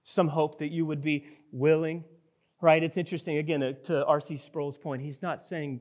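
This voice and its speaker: A man's voice: on the high side, flat delivery, normal speed, a little mellow. A man preaching a sermon, earnest and emphatic, reading scripture and then acting out a desperate plea. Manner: earnest, emphatic, acts out the leper's pleading. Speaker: pastor.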